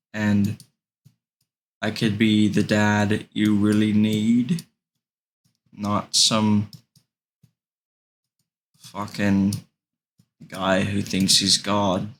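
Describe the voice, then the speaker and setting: A man voicing a gruff, tough grown father, blunt and swearing. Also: lowish voice.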